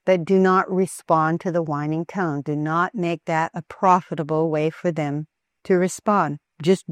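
A mother giving a calm, earnest talk that teaches parents how to train their children in Christian character. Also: deep voice, unhurried, no room sound.

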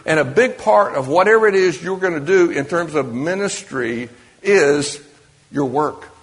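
Unhurried and expressive, this preacher has a fairly high pitch. His sermon to the congregation feels like conversation, with many questions thrown to the audience, and the church or meeting hall gives it a long, large-hall reverb.

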